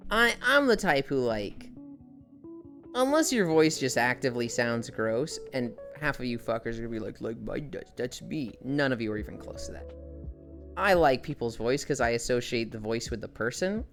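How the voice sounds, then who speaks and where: Young woman streamer, nasal, low voice with lively pitch, sick, swears casually, sarcastic. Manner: sarcastic and swearing, chatting to viewers. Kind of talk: casual live-stream chat.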